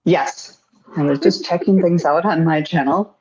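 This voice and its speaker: A woman's voice: low voice, unhurried, darkish tone. A woman co-hosting psychic readings over a video call, talking in a meandering, hesitant, self-deprecating way. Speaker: psychic co-host. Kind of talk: live-stream reading. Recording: dull lo-fi audio.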